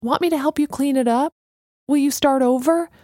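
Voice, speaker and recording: A woman's voice: high voice, moderate pace, a little mellow, dry recording, studio quality, pitched above the performer's own voice, lightly acted. A woman voicing an upset young woman who questions and protests in a raised, agitated voice. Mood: upset, indignant.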